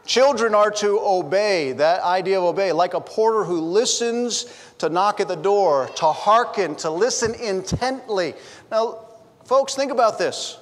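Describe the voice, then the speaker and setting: In a church sanctuary with a long reverb tail, a middle-aged pastor preaches a sermon in a high-pitched, expressive voice at a slightly slow pace. He tells humorous family stories and chats with the congregation through playful asides.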